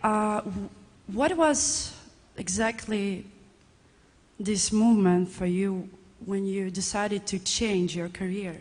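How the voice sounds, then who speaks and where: A woman's voice: mid-range voice, slow, a little mellow. A woman in the audience nervously asking a question, hesitant and full of fillers. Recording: reverberant event hall.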